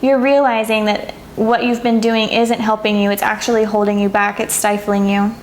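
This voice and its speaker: A woman reading tarot cards to her viewers, speaking softly and warmly, sometimes moved to tears. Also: mid-range voice, level tone, moderate pace, echoey room, a little hiss or hum. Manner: soft, emotional, gets teary and laughs. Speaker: tarot reader. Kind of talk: pick-a-card tarot reading to camera.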